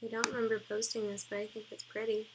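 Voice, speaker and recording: A woman's voice: on the high side, completely flat delivery, fast talker, a little hiss or hum, poor audio. Giggly young woman rambling. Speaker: cosplay vlogger. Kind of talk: casual chat reacting to old posts.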